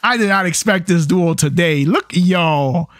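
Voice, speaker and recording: A young man hosting a comic reaction video, talking in excitable, slangy hype and reading panels aloud. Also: high-pitched, a little slow, no room sound, studio quality, faint music behind. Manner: excitable slangy hype talk, laughs often.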